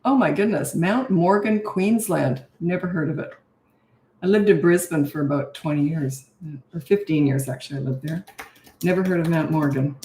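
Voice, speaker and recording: A woman's voice: low voice, moderate pace, mellow. An older woman, a parenting coach, chatting casually as she hosts a live stream, greeting viewers and laughing often. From Canada and Australia. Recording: roomy echo.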